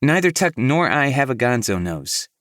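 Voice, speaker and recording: A man's voice: mid-range voice, sing-song, normal speed, fairly bright tone, no echo, clean studio sound, pitched above the performer's own voice. A man voicing a brash young woman who is a new mother, blunt and cheeky.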